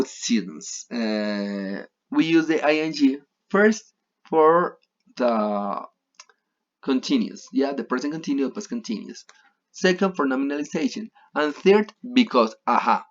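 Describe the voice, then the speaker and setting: A man whose first language is Spanish teaches an English grammar lesson online, in a voice of middling pitch. He wanders off topic, slips into Spanish and repeats key points for emphasis. The audio is slightly dull and lo-fi.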